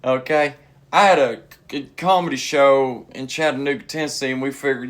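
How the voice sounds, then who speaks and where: A man, a comedian casually telling a funny story and acting out the people in it with sudden high yells. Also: steady tone, moderate pace. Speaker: stand-up comedian.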